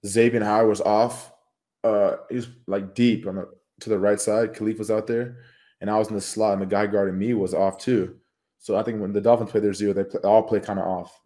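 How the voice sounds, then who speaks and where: A young man in his twenties with a slightly low voice co-hosts a casual podcast. His talk is relaxed and slangy, with easy profanity as he tells his stories. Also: brisk. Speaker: podcast co-host. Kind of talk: casual chat.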